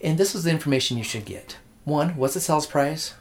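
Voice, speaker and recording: A real estate agent casually recounting a deal with a client, rambling with restarts and acting out quotes. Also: male voice, fairly high pitch, expressive, fairly quick, slight background noise. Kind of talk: casual storytelling.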